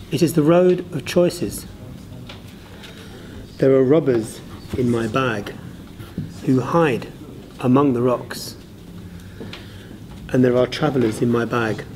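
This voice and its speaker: A man on school staff telling a parable in short, deliberate phrases with long pauses. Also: medium pitch, darkish tone, slight background noise. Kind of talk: storytelling parable.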